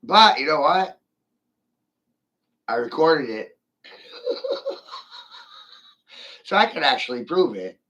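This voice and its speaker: Slow, bright-voiced sardonic man streaming. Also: on the high side, big pitch swings, dull audio. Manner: sardonic, laughs between remarks, swears freely. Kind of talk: rambling livestream monologue. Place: seated in a chair.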